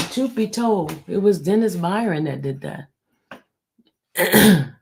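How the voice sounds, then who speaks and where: A woman hosting a livestream, speaking low and hushed, near a whisper, and answering her viewers in a blunt, defensive way. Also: gravelly. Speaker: livestream host. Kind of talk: livestream talk answering the chat.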